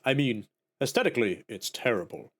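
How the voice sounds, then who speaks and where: A man's voice: medium pitch, very animated, a little fast. A man voicing a young male witch fused with a monster, reading the game dialogue aloud in a wry, self-mocking, matter-of-fact way.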